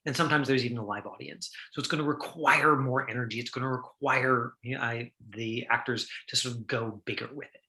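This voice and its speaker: A man's voice: medium pitch, bright, forceful tone, poor audio. A middle-aged man teaching an online acting class, chatty and full of fillers, acting out line readings for his students.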